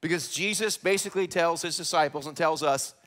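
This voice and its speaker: A man preaching a sermon in a church, animated, acting out quoted questions in a rising voice. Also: a little high, fairly quick. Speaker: pastor. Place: church sanctuary, live broadcast.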